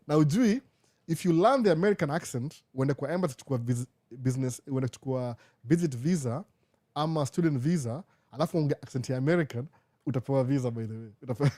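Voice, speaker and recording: Here a young Kenyan man, accent clearly Kenyan, leads an informal live Q&A, alternating between English and Swahili. His voice is warm and sits at a medium pitch.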